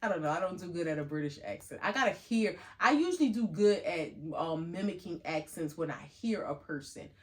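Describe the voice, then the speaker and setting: A woman's voice: moderate pace, hardly any pauses. A middle-aged woman co-hosting a podcast, chatting casually and acting out quoted lines in a lifted voice. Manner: animated storyteller, acts out quotes in a higher voice. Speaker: podcast co-host. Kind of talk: casual chat.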